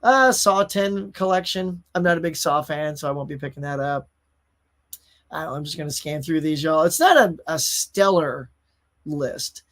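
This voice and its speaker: A man in his thirties or forties hosts a live stream loosely and chattily, reading viewer comments and addressing his audience directly as y'all. His voice sits a bit above the usual male pitch, fairly bright, at a normal speed.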